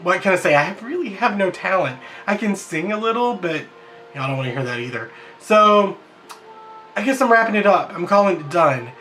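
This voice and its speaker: A man's voice: sits high, expressive, normal speed, pushed and bright, soft background music. A man, rambling casually in a daily vlog, self-deprecating and full of fillers. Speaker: vlogger. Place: at his workplace in the evening.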